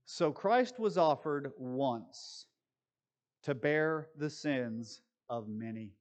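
A man's voice: medium pitch, lively intonation. Man preaching a conversational sermon. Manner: conversational preaching, shifting between brisk asides and slow scripture reading. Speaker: pastor.

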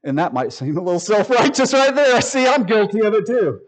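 A man's voice: high voice, sing-song, fairly quick, poor audio. A man preaching a sermon from the pulpit, folksy and joking with the congregation. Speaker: pastor. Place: church sanctuary.

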